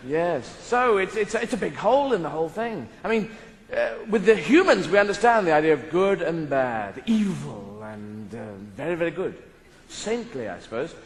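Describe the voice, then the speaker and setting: A man's voice: fairly high pitch, very animated, normal speed. A man doing live stand-up comedy in a large theatre with a playful, rambling delivery. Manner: rambling, playful, broken schoolboy French. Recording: echoey hall, audience noise.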